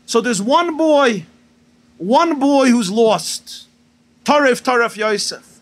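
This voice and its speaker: A rabbi preaching at a gathering, telling stories and jokes, mixing in Hebrew and Yiddish terms. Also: male voice, very high-pitched, animated, slow pace.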